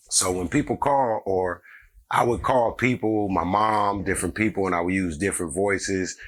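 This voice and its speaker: A middle-aged man, a comedian, telling a story in a casual, animated way and acting out the people in it. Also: deep voice, measured pace. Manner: animated, acts out every character in the story.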